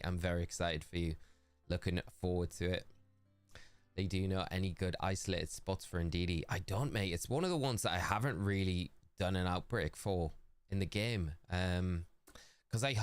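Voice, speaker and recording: A man's voice: low voice, clear, resonant tone, dry recording. A young man streaming a game, chatting casually and in a friendly way with viewers and calling them "mate". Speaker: gaming streamer. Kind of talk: casual live-stream chat.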